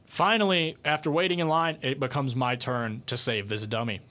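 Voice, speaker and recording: A young man co-hosting a casual podcast, telling a funny story with a joking, animated manner. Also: mid-range voice, normal speed. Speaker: podcast co-host.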